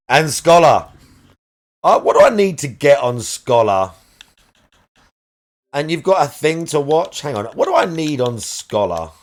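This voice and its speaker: A man streaming a game live, chatting casually and rambling as he searches aloud for the right words. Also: a little high. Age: adult parent.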